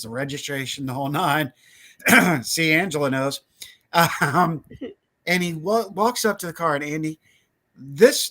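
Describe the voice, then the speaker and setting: A man tells a story as a podcast guest in a loose, casual way. His voice sits a little higher than most men's, and he breaks into quoted voices and laughter as he goes. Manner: animated, acts out quoted voices, laughs often.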